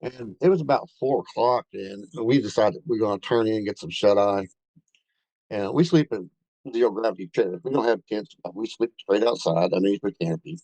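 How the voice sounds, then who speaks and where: A man's voice: fairly low pitch, a little fast, warm tone, dry recording, rough recording. A man telling a rambling first-hand story in a casual way, with many fillers and restarts. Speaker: bigfoot researcher telling an encounter.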